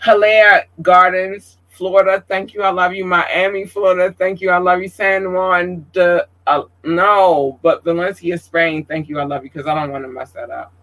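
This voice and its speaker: Man, livestream host, fairly high voice, emotional, outspoken, profane. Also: flat delivery, moderate pace, hardly any pauses, sharp tone, poor audio. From Georgia, USA. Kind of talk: casual livestream chat.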